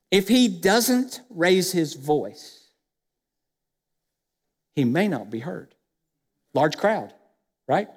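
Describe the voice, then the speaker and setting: A man's voice: high-pitched, long reverb tail. A man preaching a sermon as pastor, speaking emphatically and putting questions straight to the congregation. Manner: emphatic, addresses the church directly with questions. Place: church sanctuary.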